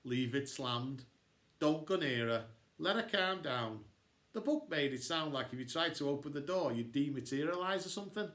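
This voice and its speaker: A man reading a children's novel aloud, expressive and switching into character voices. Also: fairly high pitch, normal speed. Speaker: storybook reader. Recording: echoey room.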